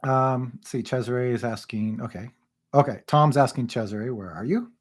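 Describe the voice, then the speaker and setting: A man's voice: mid-range voice, moderate pace. Chatty man hosting a livestream. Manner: reads viewer comments aloud, chatty and laughing often. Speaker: livestream co-host. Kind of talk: casual livestream chat.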